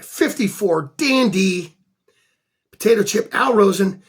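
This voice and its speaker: A man's voice: high voice, moderate pace, fairly bright tone. A man showing off his flea market finds in a casual vlog, enthusiastic and chatty, repeating words for emphasis. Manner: chatty storyteller. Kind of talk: casual show-and-tell vlog.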